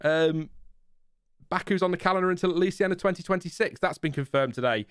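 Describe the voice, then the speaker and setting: This British man hosts a live-stream watchalong from a room at home, wearing headphones and using a desk mic. His voice is high, racing and clean, with studio quality and no room sound. He chats away, laughs often and pokes fun at himself.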